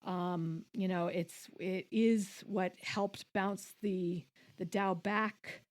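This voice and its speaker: A woman's voice: mid-range voice, steady tone, drawn-out words. A woman co-hosting a podcast, explaining things at length in casual chat, with many restarts and quoted voices. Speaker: podcast co-host.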